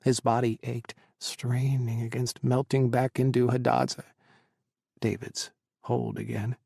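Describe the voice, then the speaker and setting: A man narrating an audiobook in an even, measured reading. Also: mid-range voice, gravelly, slightly rough, no room sound, studio quality. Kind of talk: scripted narration.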